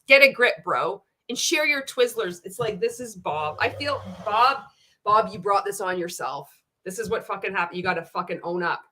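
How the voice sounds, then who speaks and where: A woman hosting a casual livestream, reading chat comments aloud and mocking a coach, swearing freely and laughing often. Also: mid-range voice. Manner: profane, laughing often, animated and teasing.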